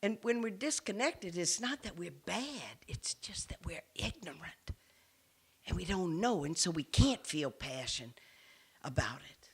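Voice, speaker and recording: A nun giving an impassioned public speech to an audience in a room. She is earnest, and her delivery swings from forceful to hushed. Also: on the low side, big pitch swings, measured pace, breathy edge.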